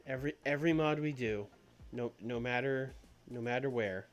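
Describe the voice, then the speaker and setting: A man's voice: mid-range voice, normal speed, faint music behind. Wry man muttering through a game. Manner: wry, muttering asides with frequent laughs. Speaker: game streamer. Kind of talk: casual let's-play commentary.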